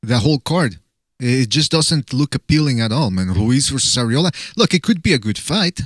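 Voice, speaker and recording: A man's voice: mid-range voice, lively intonation, moderate pace, fairly bright tone, no echo, studio quality. Laid-back man with a mushy tongue. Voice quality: slightly mushy speech. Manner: laid-back, profane, easygoing. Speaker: podcast host taking calls. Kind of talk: casual call-in show banter.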